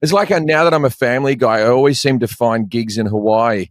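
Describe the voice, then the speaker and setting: A man's voice: mid-range voice, fairly quick, no echo. A man in his forties with an Australian accent, a comedian rambling through stories in casual chat and swearing freely. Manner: profane, storytelling, rambling. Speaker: comedian guest.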